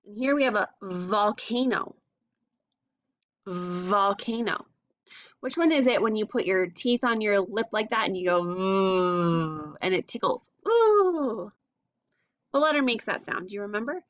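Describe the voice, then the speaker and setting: A woman teaching phonics to young children, sounding out letters slowly and asking encouraging questions. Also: medium pitch, fairly bright tone, dry recording, highs cut off.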